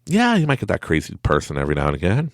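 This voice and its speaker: A man's voice: low-pitched, huge pitch swings, very fast, no echo, studio quality. A man hosting a podcast, talking in a casual, upbeat motivational way, laughing often and acting out little voices. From Quebec, Canada. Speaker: podcast host.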